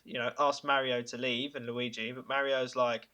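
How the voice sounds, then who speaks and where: A man hosting a podcast, pitching ideas in casual chat, enthusiastic and chuckling, with halting fillers. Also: flat delivery, bright, forceful tone. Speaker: podcast host.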